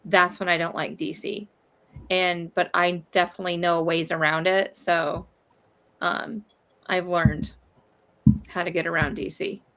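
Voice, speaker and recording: A woman's voice: on the low side, level tone, a little slow, pauses often, bright, forceful tone, low-quality recording. A woman in casual chat, easygoing and agreeable, often affirming what others say.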